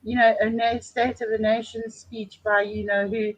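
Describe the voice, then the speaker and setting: Husky woman guest on a muffled line. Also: on the high side, little pitch movement, moderate pace. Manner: chatty, laughing storyteller. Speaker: guest, chat moderator. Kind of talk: casual live stream chat.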